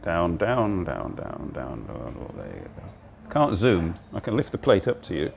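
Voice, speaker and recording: Deep-voiced older man chatting casually. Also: wildly swooping pitch, a little slow, vocal fry, a little mellow, slight background noise. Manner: chatty, rambling, eats while talking. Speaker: livestream host. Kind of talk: casual livestream chat. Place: cozy cafe, indoors. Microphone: phone on a handheld gimbal.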